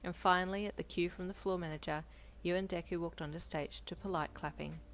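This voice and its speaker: A woman's voice: lowish voice, fairly even intonation, brisk, slight background noise. Woman narrating a second-person romance story. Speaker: fanfiction narrator.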